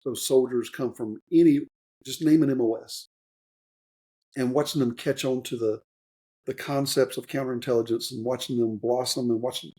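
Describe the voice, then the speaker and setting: Speaking at a normal speed with fairly even intonation, this man in his fifties has a dark, mid-range voice. He's a retired Army warrant officer and a podcast guest, telling his story in a loose, rambling way packed with fillers and restarts. His conversational interview storytelling is earnest and openly emotional.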